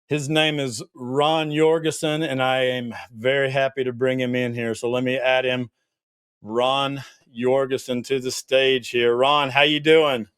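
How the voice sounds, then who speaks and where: A man's voice: medium pitch, steady tone, moderate pace, few pauses, a bit bright, smooth, no room sound, clean studio sound. A man with a Southern US accent hosting a casual interview, hesitant and self-deprecating with lots of fillers. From Tennessee. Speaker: podcast host.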